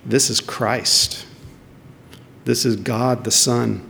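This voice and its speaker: A man's voice: medium pitch, fairly even intonation, very slow, creaky, fairly bright tone, a little hiss or hum. A man preaching a sermon, emphatic and questioning, repeating words as he searches for them. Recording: long hall reverb.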